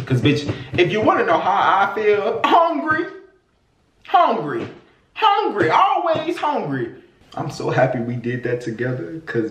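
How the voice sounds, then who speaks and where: A man hosting a casual reaction vlog, animated and exclamatory, swearing freely and a little out of breath. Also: high voice, distant mic. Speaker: YouTube host reacting to food videos. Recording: roomy, off-mic, faint hiss.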